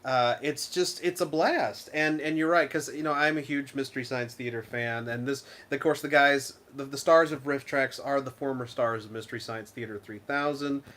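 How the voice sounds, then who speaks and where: A man co-hosting a casual game review show. He talks in an animated, rambling way and often restarts his sentences. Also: medium pitch, normal speed, few pauses. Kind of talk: casual chat.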